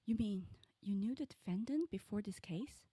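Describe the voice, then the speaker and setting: A woman voicing a calm, composed female senior attorney in a game playthrough. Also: mid-range voice, moderate pace, lightly acted.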